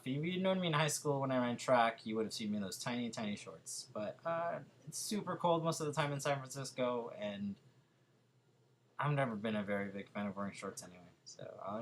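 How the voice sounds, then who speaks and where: A man's voice: medium pitch, a little fast, slight background noise. Young Californian man, hesitant and chatty. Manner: hesitant, lots of fillers and "like". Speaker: vlogger answering viewer questions. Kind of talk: casual chat.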